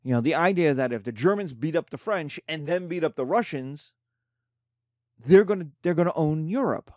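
Man lecturing in a lively, colloquial way. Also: on the high side, normal speed, no echo, studio quality. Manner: animated, colloquial, acts out nations in quoted voices. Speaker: teacher. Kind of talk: casual history lecture.

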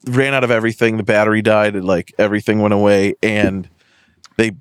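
A young man from Western Massachusetts, a podcast host who tells animated stories and swears freely in casual chat. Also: fairly low pitch, a little fast, clear, resonant tone, no room sound, studio quality.

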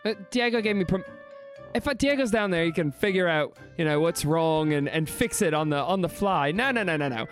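A man's voice: on the high side, expressive, a little fast, soft background music, natural voice. A man voicing a bluffing fake dig-site inspector with an Australian accent, breezy and condescending. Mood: bossy. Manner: breezy, condescending, calls others son.

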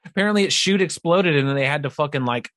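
A man's voice: on the high side, expressive, fast, a bit bright, no echo, clean studio sound. An easygoing man co-hosting a casual wrestling chat, laughing often and swearing. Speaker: podcast co-host.

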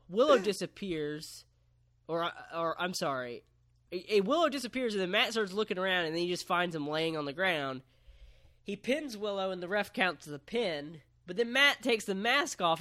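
A man casually chatting on a podcast, recapping a match in animated, profane play-by-play. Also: high-pitched, normal speed. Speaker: podcast co-host.

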